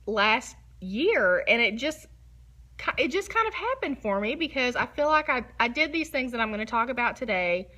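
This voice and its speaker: Bubbly, chatty woman hosting a livestream; high-ish, bright voice. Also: big pitch swings, moderate pace. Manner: bubbly, giggly and chatty, self-described nervous. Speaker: photographer hosting a live online talk. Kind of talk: casual livestream talk. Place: her photo studio, facing a window.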